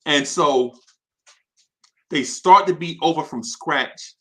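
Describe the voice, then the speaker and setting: Bright-voiced man telling a story. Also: a little high, slow pace. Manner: energetic, restarts a lot, checks in with "right?". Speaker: host. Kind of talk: animated anecdote telling on a live show.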